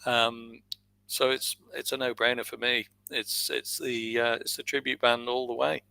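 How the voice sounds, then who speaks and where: A man's voice: medium pitch, flat delivery, measured pace, creaky, pushed and bright, rough recording. A man, a guest on a music podcast, talking eagerly in casual chat.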